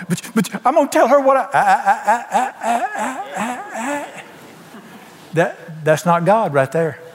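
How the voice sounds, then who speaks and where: Older preacher with a high voice. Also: male voice, long reverb tail. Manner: folksy, emphatic preaching with call-and-response questions. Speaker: pastor. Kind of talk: sermon.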